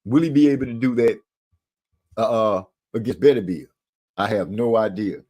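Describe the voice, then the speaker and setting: A man's voice: lowish voice, normal speed, a little mellow. A man hosting a casual boxing live stream from a room at home, talking in a rambling way with lots of fillers and restarts.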